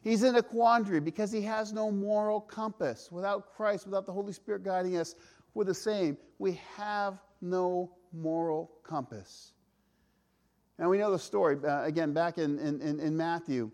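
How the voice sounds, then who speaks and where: High-voiced man preaching earnestly. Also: steady tone, moderate pace, darkish tone. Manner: earnest, emphatic, varies pace, rhetorical questions. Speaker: pastor. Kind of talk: sermon.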